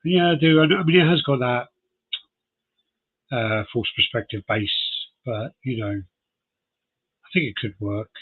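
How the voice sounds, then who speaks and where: A man's voice: medium pitch, a little slow, pauses often, slightly rough, phone-quality sound. An American man co-hosting a podcast in casual chat, laughing often as he reads out details. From United States. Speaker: podcast co-host.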